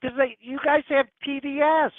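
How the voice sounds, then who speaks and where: An older man argues insistently over a tinny, dry phone line, his voice quite high for a man. He keeps talking over the other speaker. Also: flat delivery, moderate pace, no echo. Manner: insistent, talks over the host. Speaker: caller. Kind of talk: heated phone debate.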